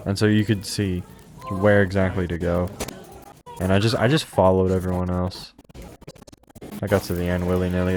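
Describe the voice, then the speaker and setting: Low-voiced young man, rambling casually. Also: level tone, normal speed, long pauses, darkish tone, dry recording. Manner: rambling, many fillers and restarts. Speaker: streamer podcast host. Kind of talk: casual chat.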